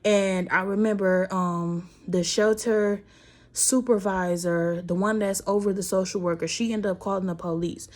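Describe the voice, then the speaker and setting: A woman's voice: mid-range voice, steady tone, normal speed. A young woman shares a personal story in a casual vlog, speaking straight to her viewers. She is emotional and fights back tears as she talks, with a voice in the middle of the usual range for a woman. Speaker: vlogger telling a personal story.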